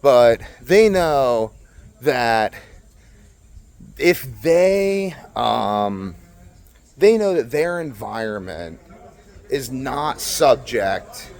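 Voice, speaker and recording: Young male vlogger, outdoors; blunt, sarcastic, very lively pitch. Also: drawn-out words, creaky, pauses often. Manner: blunt, animated ranting with sarcastic asides. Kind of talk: casual monologue to camera. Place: outdoors at a resort.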